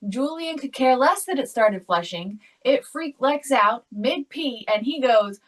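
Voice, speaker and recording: A woman's voice: high-pitched, lively intonation, measured pace, distant mic, low-quality recording. A woman co-hosting a podcast, telling a family story in a casual, chatty way and often laughing as she talks. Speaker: podcast co-host. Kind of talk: casual chat.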